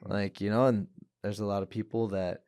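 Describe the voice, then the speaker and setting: A man with a low-pitched voice speaks earnestly as a podcast guest. He tells his story in a candid, searching way and often doubles back on his words. The sound is close and dry. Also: level tone, moderate pace, darkish tone, clean tone, no room sound. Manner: earnest, repeats words, acts out voices when quoting people. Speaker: podcast guest, professional fighter. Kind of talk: candid interview talk.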